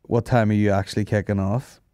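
A man's voice: on the low side, flat delivery, fairly quick, dark tone, no echo. A man hosting a comedy podcast, rambling and swearing freely in casual banter on a close mic. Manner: sweary, rambling, laughs at his own jokes. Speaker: podcast host.

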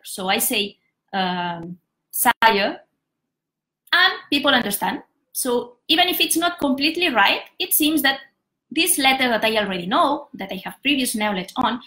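A young woman with a bright, clear, somewhat high voice, teaching a live pronunciation lesson. She explains patiently, step by step, with plenty of examples. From Catalonia, Spain. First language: Catalan. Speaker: Spanish teacher.

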